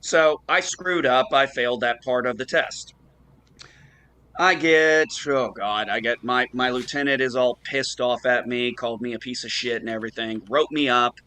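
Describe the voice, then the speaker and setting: A man on a casual online talk show, telling lively anecdotes, acting out the people he quotes and swearing freely. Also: medium pitch, normal speed, smooth. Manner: animated anecdote teller, acts out quoted voices, swears casually. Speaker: show co-host. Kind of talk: casual storytelling chat.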